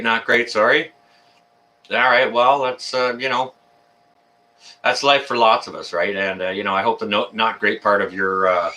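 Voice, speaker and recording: A man's voice: on the low side, bright, forceful tone. A man hosting a casual live stream, greeting viewers by name and chatting in a rambling way full of fillers. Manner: rambling, filler-heavy, friendly banter. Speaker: livestream host. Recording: voice a bit far from the mic.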